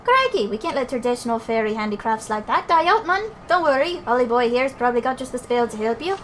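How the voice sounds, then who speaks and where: A woman's voice: on the high side, lively intonation, fast, fairly bright tone, slight background noise. A woman doing Drippy, a cheeky Welsh fairy. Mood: encouraging. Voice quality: bouncy sing-song lilt, slangy. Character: cheeky male fairy sidekick, chatty and boastful.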